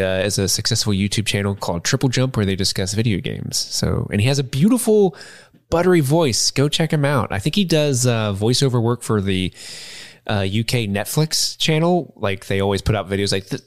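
A man's voice: fairly low pitch, no room sound, studio quality. A man co-hosting a podcast, rambling loosely through stories with laughs. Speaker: podcast co-host. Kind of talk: casual chat.

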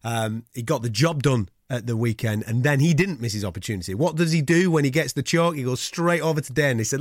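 Lively podcast host. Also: male voice, mid-range voice, a little fast, few pauses, dry recording, studio quality. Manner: lively, matey, swearing freely. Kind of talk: casual sports chat.

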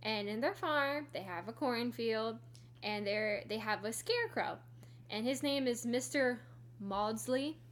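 A woman's voice: a little high, measured pace. A woman in casual chat, giggly and effusive, swearing freely. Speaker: podcast co-host.

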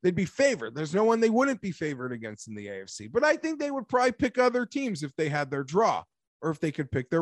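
A man hosting a casual sports talk show, animated and rambling, talking like an emphatic fan. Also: sits high, no echo, studio quality. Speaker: sports podcast host.

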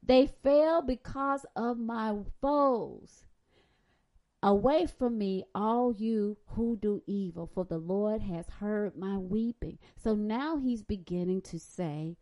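Slow-preaching woman with a higher voice. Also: animated. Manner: dramatic, swings between loud emphasis and soft reflection. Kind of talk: sermon.

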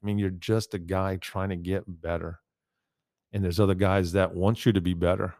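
Deep-voiced man telling his story. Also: moderate pace, dry recording, studio quality. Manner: animated storyteller, quotes others often. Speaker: podcast guest. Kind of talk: casual chat.

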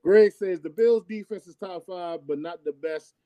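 A man co-hosting a casual sports chat, loud and brash, teasing viewers by name as he reads their picks. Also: sits high, normal speed. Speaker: co-host reading viewer comments.

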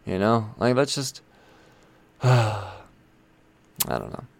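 A man's voice: fairly low pitch, big pitch swings, very slow, vocal fry. A man hosting a casual, rambling commentary on new comics, chatty and irreverent, with swearing and asides. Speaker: comic book video host.

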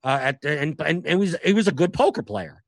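A man's voice: fairly high pitch, lively intonation, a little fast, gravelly, dry recording. A man who is a stand-up comic, telling stories in a casual podcast conversation, rambling with many restarts and fillers. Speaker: stand-up comic and professional poker player.

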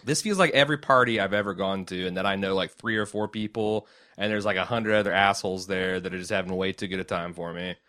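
A man's voice: deep voice, fairly even intonation, fast, few pauses, bright, forceful tone. A man co-hosting a casual TV recap podcast, joking sarcastically and acting out characters' lines. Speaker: podcast co-host.

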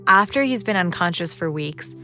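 A woman giving scripted documentary narration in a calm, measured storytelling manner. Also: fairly low pitch, soft background music.

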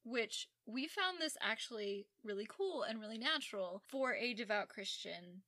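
A woman's voice: on the high side, lively intonation, moderate pace, pushed and bright, no echo. A woman in her thirties co-hosting a podcast, chatting casually and retelling scenes with animation. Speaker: podcast co-host. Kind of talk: casual recap chat.

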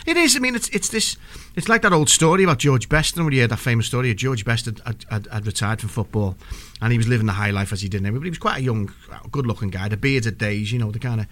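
Brief: male podcast co-host, quick delivery, rambling anecdotal storyteller, mid-pitched. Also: expressive, a bit bright. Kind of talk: casual football chat.

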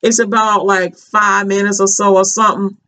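A woman's voice: mid-range voice, little pitch movement, moderate pace, pushed and bright. A woman commenting casually on a video, talking in an emphatic, repetitive, conversational way.

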